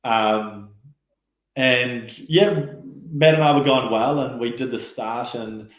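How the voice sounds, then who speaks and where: A man talks in a relaxed, chatty way, spinning stories with frequent fillers and quoted asides. His voice sits at a middling pitch. The recording carries a roomy echo. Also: slow. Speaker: guest rower. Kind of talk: casual interview storytelling.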